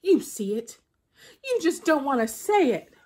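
A woman voicing a lazy, scheming male spider trickster who grows angry and insists loudly. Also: on the high side, huge pitch swings, measured pace, exaggerated voice. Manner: insistent, rising to shouting.

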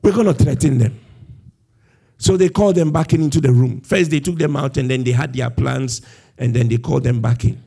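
Animated man preaching with a mellow voice. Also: medium pitch, fairly quick, gravelly. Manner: animated storytelling, acting out quoted voices with laughs. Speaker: pastor. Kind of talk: sermon. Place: church.

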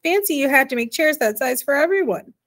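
A woman voicing a small, frank and spirited girl in a storybook, bright and lively. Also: on the high side, normal speed. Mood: excited.

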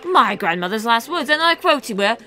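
A woman voicing a pompous, old-fashioned gentleman explorer who blusters and calls everyone old boy. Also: a little high, sing-song, a little fast, faint music behind.

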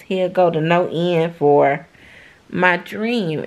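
Woman vlogger, crying softly, slow halting delivery. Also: on the low side. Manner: tearful, heartfelt, slow and halting. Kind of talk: emotional casual vlog talk.

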